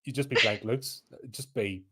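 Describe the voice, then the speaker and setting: A man's voice: medium pitch, moderate pace, bright, forceful tone, a little hiss or hum. A man with a Northern Irish accent, co-hosting a podcast in casual chat, blunt and ranting, swearing freely. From Northern Ireland. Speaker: podcast co-host.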